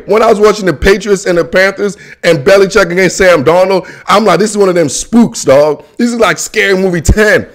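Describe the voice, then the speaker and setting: Young male sports host, high-pitched, slangy, animated ranter. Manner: animated, ranting and pleading, slangy with frequent "man" and "bro"; bursts into shouts and laughs. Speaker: host of a football show. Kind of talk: casual solo sports commentary.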